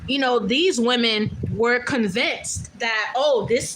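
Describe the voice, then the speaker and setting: A woman's voice: fairly high pitch, slow pace, hardly any pauses, fairly bright tone, a little hiss or hum, poor audio. A woman doing a casual tarot reading, talking bluntly and loosely, with profanity and many fillers. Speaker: tarot reader.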